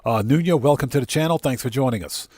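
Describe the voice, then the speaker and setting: An American livestream host runs a game stream without a face cam, greeting chat viewers one by one in a heartfelt, casual way. He talks fast at medium pitch into a desk mic, and his slightly mellow voice comes through in echo-free studio quality.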